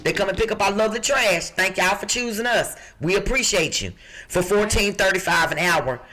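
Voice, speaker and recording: A woman from Chicago reading out job listings on a podcast in a rough, low voice, emphatic and bossy. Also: fairly quick, pushed and bright, slight background noise. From Chicago, USA. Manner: emphatic, bossy, talks back to co-hosts. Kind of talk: lively podcast talk.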